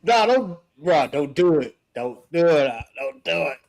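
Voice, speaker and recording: Man doing a panicked second-in-command pleading with his king, slangy, slow-paced. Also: on the high side, sing-song, vocal fry, a little mellow, full character voice. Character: desperate male royal official begging for his life.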